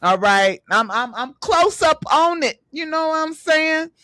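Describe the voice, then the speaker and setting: A woman's voice: sits high, unhurried, no room sound. A woman in her late thirties hosting a podcast, chatting casually and animatedly, laughing often. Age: 30s. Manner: animated, laughs a lot, talks with repeated filler phrases. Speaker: podcast host. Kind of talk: casual chat.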